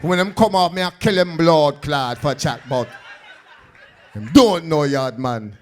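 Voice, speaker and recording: Man doing a Jamaican accent, brash tough guy, loud, quick street talk. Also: fairly high pitch, faint music behind, natural voice. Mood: threatening.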